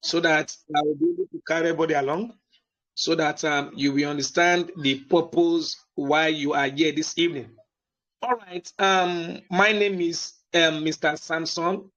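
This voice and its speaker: A man hosting an online business meeting. He gives a motivational talk, keeps checking that listeners can hear him, and fills his pauses with "um". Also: on the high side, steady tone, a bit bright, highs cut off. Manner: slow, deliberate delivery with many fillers.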